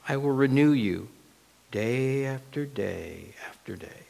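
A preacher speaking as God, calm and gentle, his voice dropped low and soft to soothe. A long reverb trails each phrase, as if in a large church. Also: slow, creaky. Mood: reassuring. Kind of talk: sermon.

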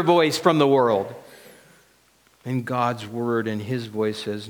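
A man's voice: medium pitch, slow, pauses often, big-room sound. A male pastor preaching a sermon in a church, earnest and emphatic.

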